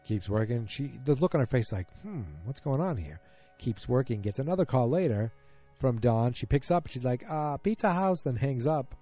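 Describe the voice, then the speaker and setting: A man's voice: medium pitch, expressive, normal speed, warm tone, soft background music. A man hosting a casual solo podcast, retelling events in a rambling, self-correcting way. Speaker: podcast host.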